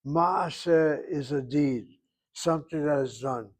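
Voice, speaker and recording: A man teaching a Hebrew grammar class, explaining word roots slowly and drawing out pronunciations, with dry self-assured asides. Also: fairly high pitch. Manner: slow, explaining, drawn-out pronunciations.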